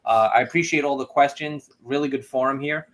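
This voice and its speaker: A man hosts a relaxed live-stream chat, reading viewer questions and sharing his own experience. He talks in a loose, filler-heavy way, at a pitch typical for a man. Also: brisk. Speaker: host. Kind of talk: casual live-stream interview.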